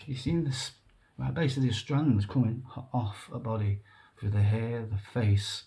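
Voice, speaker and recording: Earnest, halting man with a mellow voice. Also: medium pitch, creaky. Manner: rambling, halting, earnest, with nervous laughs. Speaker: vlogger. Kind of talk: emotional personal monologue to camera.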